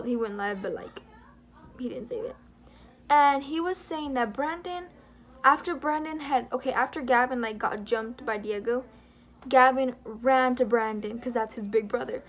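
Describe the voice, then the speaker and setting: Young woman vlogger, slightly high voice, fast heated rambling commentary on drama. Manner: rambling, heated, retelling drama with quoted dialogue. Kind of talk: casual commentary vlog.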